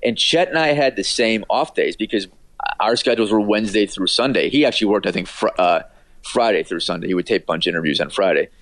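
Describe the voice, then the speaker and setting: A man's voice: on the low side, quick pace, fairly bright tone, no room sound. A man, an author and radio producer, telling anecdotes casually as an interview guest, with many fillers and restarts.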